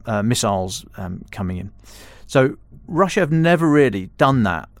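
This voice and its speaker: In a casual podcast, a male defence and security editor explains his analysis in a mid-range voice. He frequently breaks off and restarts mid-phrase, and the recording has no room sound.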